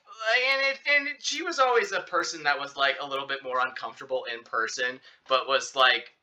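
A young man chats casually, spinning out a personal story with constant fillers and restarts. His voice is very bright and edged, and he jumps up in pitch when acting out what he said back then. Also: brisk. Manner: rambling, filler-heavy, animated retelling. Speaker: podcast host telling a story.

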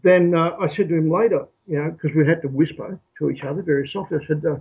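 A man from Australia telling his story as an interview guest, halting and repeating words as he thinks. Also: a little high, gravelly, slightly rough. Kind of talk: reflective storytelling. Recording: tinny phone-like call audio.

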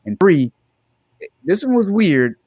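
A man's voice: high-pitched, big pitch swings, slow pace, a little mellow, slightly rough, no echo, rough recording. Guy cohosting a podcast, explains stuff step by step, dead dry mic, laughs easily. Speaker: podcast co-host. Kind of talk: casual chat and explaining a news story.

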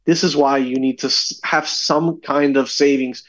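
Male guest, mid-pitch, animated storyteller, slightly dull call audio. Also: normal speed, slight background noise. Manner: animated storyteller, acts out voices. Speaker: podcast guest. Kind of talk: casual chat.

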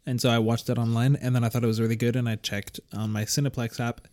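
Young male host, relaxed chatter, wraps up the show. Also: mid-range voice, fast talker. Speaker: podcast co-host. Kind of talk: casual podcast banter.

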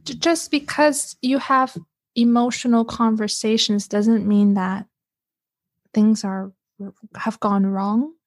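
A fairly high-voiced woman tells a personal story in relaxed conversation, stumbling and repeating words as she goes. Her voice sits close and dry, with no room around it. She keeps the talk animated and chatty throughout. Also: takes it slowly, no echo. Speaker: podcast guest. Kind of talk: casual chat.

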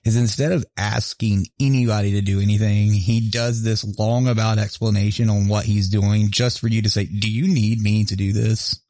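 A man's voice: lowish voice, fairly even intonation, normal speed, hardly any pauses, warm tone, dry recording. A man chatting casually as a podcast co-host, making laid-back remarks. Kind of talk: casual chat.

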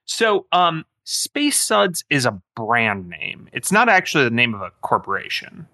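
A man's voice: mid-range voice, huge pitch swings, measured pace, sharp tone, no echo. A man running a tabletop game as game master, explaining the world in a rambling way with many fillers.

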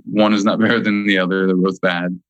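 A man speaking as a nutrition guest in a casual interview, emphatic and slowing down to stress key points. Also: sits low, level tone, no echo, muffled recording.

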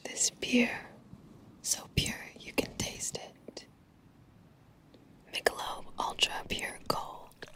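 A woman narrating a commercial in a soft, breathy whisper, as in whispered ASMR ad narration. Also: takes it slowly, long pauses, rough recording. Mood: hushed, serene. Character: calm soothing woman whispering a beer ad.

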